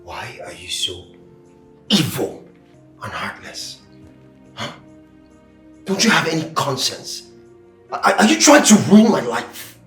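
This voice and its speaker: An actor with a Nigerian accent playing a broke, desperate young husband who pleads and stammers in a film drama. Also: male voice, medium pitch, wildly swooping pitch, takes it slowly, pauses often, a bit bright, full character voice. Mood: outraged. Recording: echoey room with music.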